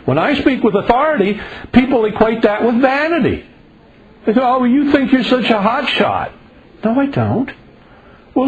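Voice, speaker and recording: An older man preaching an informal sermon to a small group, animated and sarcastic, acting out the voices of his critics. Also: high-pitched, slight background noise. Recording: dull lo-fi recording.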